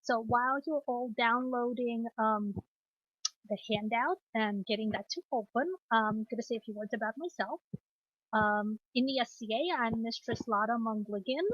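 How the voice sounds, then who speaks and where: A woman with a Moscow Russian accent, a native Russian speaker, teaching an online class in a relaxed way with many ums and restarts. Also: fairly high pitch, moderate pace, dry recording. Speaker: class instructor. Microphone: computer mic on a video call. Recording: dull lo-fi video call audio.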